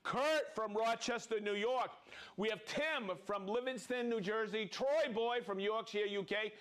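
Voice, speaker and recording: A man's voice: sits high, a little slow, fairly bright tone, smooth. A man hosting a live product show in casual chat, jovial and chatty, reading out viewer names and laughing often.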